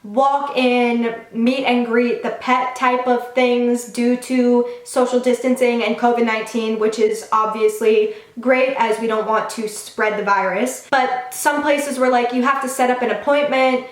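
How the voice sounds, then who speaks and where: A woman's voice: on the high side, steady tone, unhurried, hardly any pauses, reverberant. A woman in her twenties telling a casual storytime vlog, chatty and full of "like". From Long Island, New York. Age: 20s. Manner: chatty, says "like" often. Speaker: vlogger.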